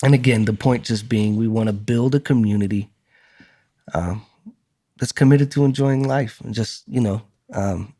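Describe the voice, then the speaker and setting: Energetic low-voiced podcast host. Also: male voice, moderate pace. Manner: energetic, repeats words, laughs often. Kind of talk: casual chat.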